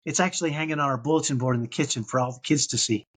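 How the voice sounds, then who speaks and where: Husky earnest man telling his story. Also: medium pitch, very fast. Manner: earnest, tags points with "right?". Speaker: podcast guest.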